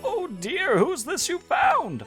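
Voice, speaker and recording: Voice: extremely high pitch, huge pitch swings, slow, fairly bright tone, soft background music, pitched above the performer's own voice, exaggerated voice. A streamer putting on a fussy old grandpa. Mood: flustered scolding. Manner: folksy scolding. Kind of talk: reading game dialogue aloud.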